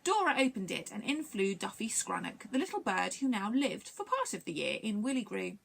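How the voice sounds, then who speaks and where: A woman reading a children's storybook aloud for a library story time, expressive and animated. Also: medium pitch, moderate pace, creaky, husky.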